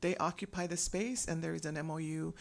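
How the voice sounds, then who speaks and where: A woman's voice: sits low, fairly even intonation, a little fast, vocal fry. A woman court administrator testifying at a budget hearing, answering formally and carefully.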